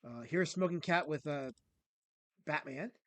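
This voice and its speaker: Higher-voiced man hosting a comics chat. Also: a little slow, dry recording. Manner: rambling, reads comic strips aloud with filler words. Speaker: host. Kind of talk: casual podcast chat about comics.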